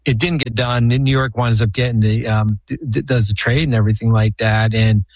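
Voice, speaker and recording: Speaking a little fast in a medium-pitched, fairly even voice, a man who once ran a basketball team guests on a talk show. He spins long, rambling stories in relaxed conversation, often restarting and using fillers. The sound is dry.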